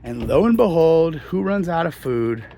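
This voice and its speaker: A man's voice: fairly high pitch, animated, normal speed, vocal fry, warm tone, a little hiss or hum. A middle-aged man, a hotel host, retelling a Bible story in a loose, slangy, rambling way. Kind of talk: casual storytelling.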